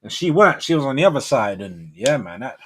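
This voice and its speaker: A man's voice: medium pitch, very animated, fast, husky. A man in his forties hosting a livestream, chatting casually in slangy, rambling talk with frequent laughs. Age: 40s. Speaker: livestream host. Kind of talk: casual chat.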